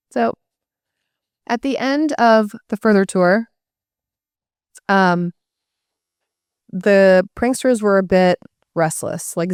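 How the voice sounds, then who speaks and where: A woman telling a story to a live audience in a casual, animated way, often slipping into voices for the people she quotes. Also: lowish voice, clean tone, no room sound, clean studio sound. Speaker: guest speaker.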